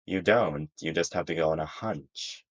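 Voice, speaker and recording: A man's voice: low-pitched, moderate pace, dull audio. Man voicing a sly hooded schemer. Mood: persuasive. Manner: smug, manipulative, soft chuckling tone.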